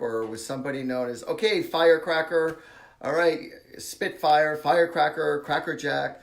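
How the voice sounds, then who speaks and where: A man with a New Jersey accent giving a live-stream psychic reading, pausing and searching for words with many ums and restarts. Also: mid-range voice, creaky, roomy sound. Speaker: psychic medium host.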